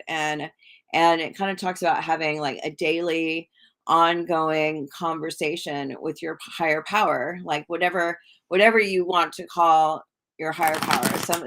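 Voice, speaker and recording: A woman's voice: fairly low pitch, a bit bright. A woman hosting a casual livestream, rambling chattily and greeting viewers in the chat. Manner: rambling and chatty, full of fillers. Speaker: livestream host and tarot reader. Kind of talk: casual live-stream chat.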